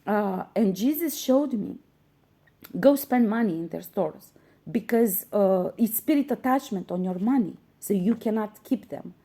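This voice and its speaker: Earnest woman with a gravelly, mellow voice. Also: mid-range voice, lively intonation, unhurried. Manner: earnest, insistent, many fillers and restarts. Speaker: spiritual channel host. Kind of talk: spiritual teaching monologue.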